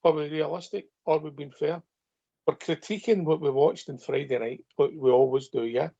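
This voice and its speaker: A man's voice: fairly high pitch, fairly even intonation, normal speed, gravelly, mellow, lo-fi sound. A Scottish man co-hosting a fan phone-in, making firm, emphatic points in casual chat.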